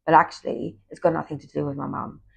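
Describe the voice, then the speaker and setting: A woman, a former yoga teacher, talking in a casual personal monologue, confiding and reflective, sometimes dropping into soft whispers. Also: level tone, fast talker, a little hiss or hum. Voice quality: gravelly, husky low voice. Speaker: spiritual talk host, former yoga teacher.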